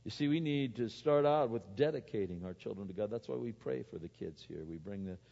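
A man preaching a sermon as a pastor, animated, swinging between loud exhortation and quiet asides. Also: fairly low pitch, fairly quick, creaky. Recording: muffled, with long hall reverb.

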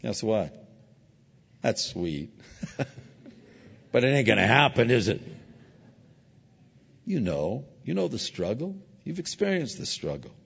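A male pastor preaching a sermon, animated and acting out little voices from his stories. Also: mid-range voice, unhurried, vocal fry, pauses often, husky. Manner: animated, acts out voices in anecdotes. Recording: dull lo-fi audio with long hall reverb.

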